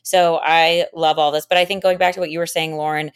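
A woman with a fairly low voice talks through her ideas at length in a casual podcast conversation. She sounds earnest and explanatory as she gives relationship advice to her co-hosts. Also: little pitch movement, fairly quick, clear, resonant tone. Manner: earnest, long explanatory turns. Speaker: podcast co-host. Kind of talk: casual chat.

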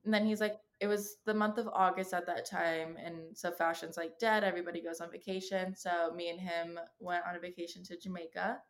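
A woman in her twenties with a somewhat low voice talks through her own stories as a podcast guest. She speaks casually and candidly, acting out what people said to her, and swears freely. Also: flat delivery, a little fast, few pauses. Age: 20s. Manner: candid storytelling, acts out quoted dialogue, swears freely. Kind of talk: casual chat.

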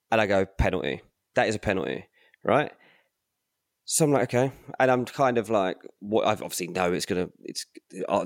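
A man co-hosting a football podcast, telling stories in a chatty, animated way and talking quietly late at night. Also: lowish voice, dry recording, studio quality. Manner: chatty, animated storytelling, says mate. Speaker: podcast co-host, transfer pundit. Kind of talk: casual football chat. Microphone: home mic late at night, talking quietly.

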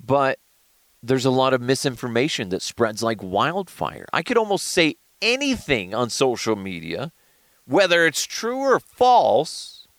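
A man hosting a podcast in casual solo talk, animated and joking, rambling through stories. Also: mid-range voice, moderate pace, no echo. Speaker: podcast host.

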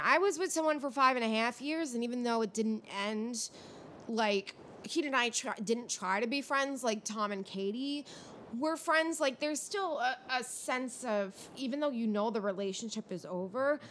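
Podcast host, young woman, slightly high voice, fired-up casual rant, faint low rumble underneath. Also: moderate pace. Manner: ranting, animated, frustrated. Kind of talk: casual reality TV recap.

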